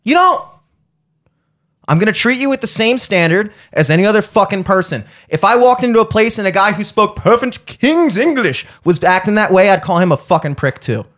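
High-voiced ranting man. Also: lively intonation, fast talker, hardly any pauses, fairly bright tone. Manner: heated, sweary, mocking. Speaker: podcast host. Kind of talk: profane ranting story.

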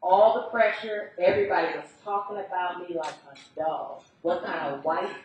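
A woman preacher telling a personal testimony in a lively, storytelling way. She is recorded from far off in a very echoey hall. Faint room noise sits underneath. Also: on the low side, moderate pace, lo-fi sound. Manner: animated storytelling, acting out the people she quotes. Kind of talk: testimony sermon.

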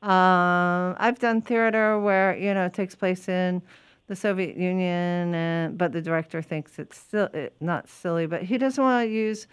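Smooth-voiced woman hosting an interview. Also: fairly low pitch, measured pace. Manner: friendly, encouraging questions. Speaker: interview host. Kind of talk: casual interview.

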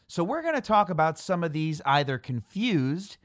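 A man's voice: fairly high pitch, very animated, normal speed, no room sound, studio quality. A man giving a scripted narration that explains English words, playful and pun-filled, spelling words out letter by letter. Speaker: language explainer.

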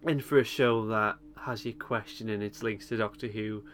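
A man's voice: fairly low pitch, fairly even intonation, normal speed, a bit bright, a little hiss or hum. A man hosting a casual podcast chat, recapping a TV episode with frequent chuckles and hesitant ums. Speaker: podcast host.

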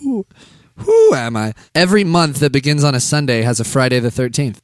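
A man's voice: medium pitch, big pitch swings, a little fast, dry recording, studio quality. A young man co-hosting a podcast, joking crudely and reading out fun facts with lots of swearing. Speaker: podcast co-host. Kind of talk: crude comedic banter.

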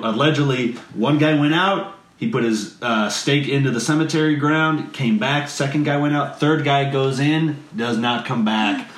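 A man casually telling a family anecdote, animated and full of "like", often leaping into high voices to quote people. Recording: roomy echo.

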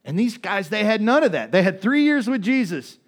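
Male pastor, sermon delivery, conversational, somewhat high-pitched, big swings between loud and soft. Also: very animated, brisk. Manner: conversational preaching with frequent "right?" asides.

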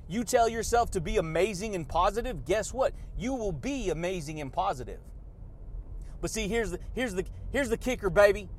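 A man's voice: high-pitched, slight background noise. A man hosting a motivational podcast monologue, hyped and chatty, who laughs often and keeps calling his listeners buddy and baby. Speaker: podcast host.

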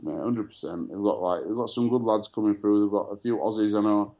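A man's voice: on the low side, steady tone, fairly quick, mellow, lo-fi sound. A man co-hosting a casual sports chat show, telling stories full of fillers and restarts. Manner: chatty storyteller, many fillers and restarts. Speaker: podcast co-host.

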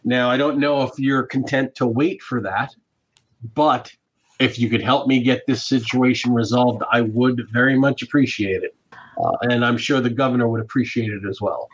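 A man's voice: mid-range voice, steady tone, slightly rough, muffled recording, lightly acted. A man voicing a stern Roman garrison commander. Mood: grim, businesslike. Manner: measured, matter-of-fact briefing. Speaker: game master voicing a character.

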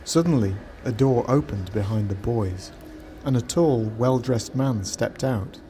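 A man narrating a scripted story in a steady, measured way. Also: mid-range voice, slight background noise.

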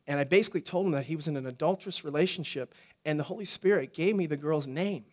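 Middle-aged male pastor, high voice, chatty sermon delivery with quick jokes and restarts. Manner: conversational, joking asides, frequent restarts.

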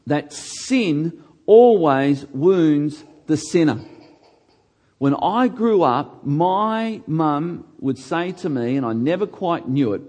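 A middle-aged man preaching a sermon, earnest, slowing down and dropping his voice on key words. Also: darkish tone. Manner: earnest, slows down and drops low on key words. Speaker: pastor.

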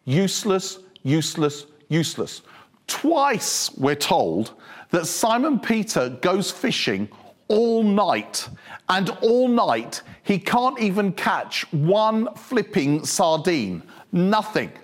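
Animated, lively male preacher. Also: sits high, takes it slowly. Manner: animated, humorous storytelling. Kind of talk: sermon.

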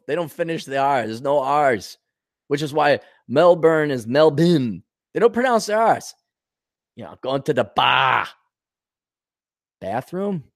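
Animated profane male podcast host. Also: medium pitch, no echo, studio quality. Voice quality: profane, swears freely. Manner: animated, jokes and acts out voices of others. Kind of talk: casual storytelling monologue.

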